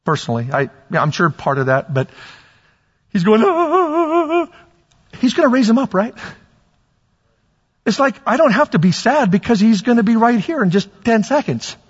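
Man, pastor, sermon, husky high voice, lo-fi recording, long hall reverb, builds to shouts. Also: sing-song, moderate pace, long pauses. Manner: preaching, rising to shouts on key points, asks the congregation questions.

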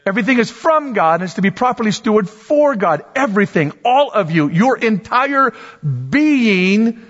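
A man preaching a sermon in a lively, conversational way, repeating words for emphasis and bantering with the congregation. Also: high-pitched, moderate pace. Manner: animated, conversational preaching with repetitions and asides to the congregation. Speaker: pastor. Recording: dull sound with long hall reverb.

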